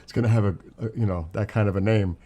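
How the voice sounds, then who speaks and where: A New York City man with a New York accent hosts a livestream, talking fast in a lowish voice. He comments on flight tracks and reads chat, rambling excitedly and asking questions as he goes.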